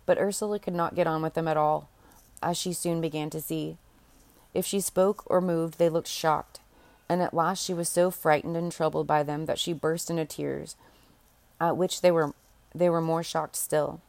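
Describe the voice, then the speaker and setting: A woman's voice: low-pitched, steady tone, normal speed, vocal fry, a little mellow, dry recording. Woman reading a fairy tale aloud. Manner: unpolished, restarts and corrects herself. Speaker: audiobook reader. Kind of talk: storybook narration.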